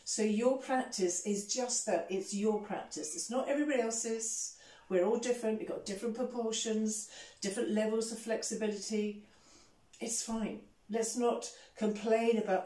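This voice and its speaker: A woman yoga teacher gently talking students through breathing and poses in a soft, soothing way. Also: mid-range voice, recorded from a distance. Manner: gentle, soothing, unhurried guidance. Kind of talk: guided yoga instruction. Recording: echoey room, voice off-mic.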